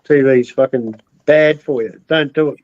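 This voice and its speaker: A man's voice: medium pitch, normal speed, muffled recording. A man calling in to a late-night chat, laid-back and swearing, mocking things with a laugh in his words. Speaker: guest on a call.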